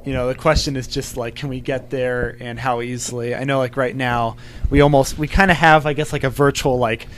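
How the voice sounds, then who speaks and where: Relaxed man in a band, mid-range voice, hesitant and easygoing. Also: medium pitch, fairly quick. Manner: laid-back, hedging with fillers. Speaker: band member. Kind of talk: casual radio interview chat. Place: radio studio.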